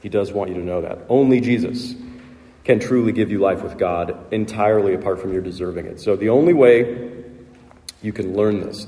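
Male pastor, emphatic sermon delivery, warm tone, reverberant sanctuary. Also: fairly low pitch. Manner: earnest, emphatic preaching with rhetorical questions. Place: church sanctuary.

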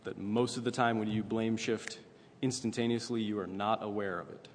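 A man's voice: fairly low pitch, steady tone, moderate pace. A man preaching a sermon in a conversational way, often checking in with "right?" as he goes. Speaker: pastor. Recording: long reverb, faint ambient noise.

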